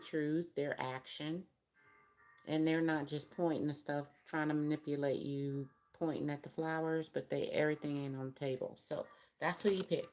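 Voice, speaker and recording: A woman's voice: deep voice, darkish tone, a little hiss or hum. A woman giving a casual tarot reading to viewers, musing and thinking aloud as she counts out cards. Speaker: tarot reader.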